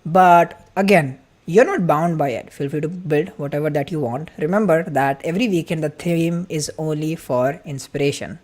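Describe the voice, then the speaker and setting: A man hosting a live-streamed event welcome. He talks quickly and excitedly, greets viewers from the chat, and chats freely. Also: a little high. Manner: excited, fast-talking, chatty. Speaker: livestream host.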